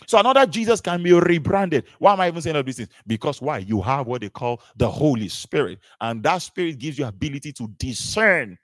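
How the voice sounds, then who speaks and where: A man preaching a sermon in an animated way, repeating phrases and asking rhetorical questions. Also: a little high, fairly quick, hardly any pauses, no room sound.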